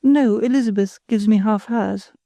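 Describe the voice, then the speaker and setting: A woman reading the part of a modest, quick-witted young woman with a quiet, composed manner. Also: mid-range voice, gravelly, no echo, natural voice.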